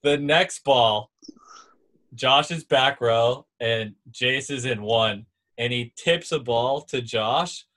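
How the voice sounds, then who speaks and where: Here a former volleyball player, a young man, recounts a sports anecdote while chatting casually. His mid-range voice moves slowly, and he tells the story with energy, voicing the quotes of others.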